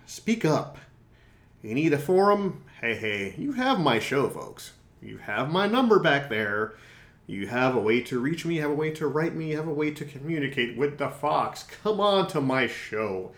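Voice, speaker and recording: A man's voice: fairly high pitch, sing-song, moderate pace, a bit bright. A man playing a boastful male fox who hosts a podcast, rambling through a comedic improvised monologue full of self-mocking jokes and asides. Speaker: podcast host.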